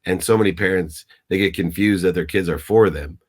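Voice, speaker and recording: Deep-voiced middle-aged man, emphatic storyteller. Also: a little fast, darkish tone. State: choked up. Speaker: guest mentor. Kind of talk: motivational interview talk.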